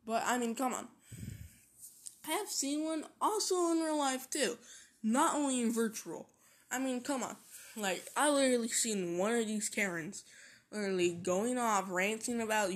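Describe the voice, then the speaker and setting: Woman, higher-pitched voice, profane casual rant, lots of "come on, dude". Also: normal speed. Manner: swears constantly, repeats "come on, dude". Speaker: vlogger.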